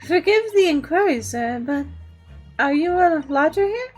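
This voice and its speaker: A woman's voice: extremely high pitch, animated, moderate pace, faint music behind. A woman voicing a polite, formal young female assistant.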